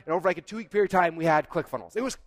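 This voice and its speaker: A man giving a conference keynote, telling stories in an animated way, acting out dialogue and saying "like" often. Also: on the high side, rapid-fire. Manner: animated, acts out dialogue, frequent "like". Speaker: keynote speaker. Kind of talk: storytelling keynote. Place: conference stage.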